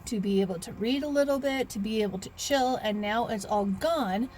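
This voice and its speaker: A woman's voice: a little high, normal speed, darkish tone, a little hiss or hum. A woman in her thirties, chatting casually in a rambling vlog with restarts and sighs. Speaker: author vlogger.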